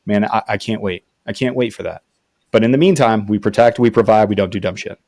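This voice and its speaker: A man co-hosting a casual chat, full of quick joking banter. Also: on the low side, darkish tone, dry recording, clean studio sound.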